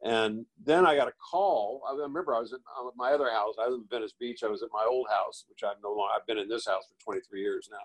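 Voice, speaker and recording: A middle-aged man and actor, a guest telling casual anecdotes in a rambling, animated way with frequent restarts. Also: medium pitch, quick pace, hardly any pauses, rough recording. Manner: rambling, animated storyteller who restarts phrases and acts out quoted voices.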